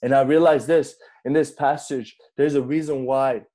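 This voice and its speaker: A young man gives a relaxed, conversational sermon as a pastor. His voice is mellow and warm in tone. He talks in a chatty, animated way and keeps checking in with the listeners. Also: medium pitch, moderate pace. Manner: chatty, animated storytelling with frequent "right?" and "you know".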